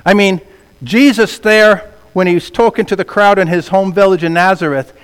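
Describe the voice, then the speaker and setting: High-voiced preacher in a reverberant hall. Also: male voice, moderate pace, clean tone. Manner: animated preaching, swinging from quiet to loud emphatic. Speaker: pastor. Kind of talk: sermon. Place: church sanctuary. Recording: long reverb of a large hall.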